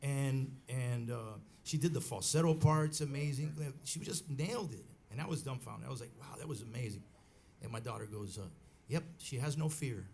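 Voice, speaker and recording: A middle-aged bandleader telling a rambling story on stage at a live club, with many restarts and acted quotes. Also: male voice, medium pitch, normal speed, darkish tone. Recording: live club recording with faint crowd noise.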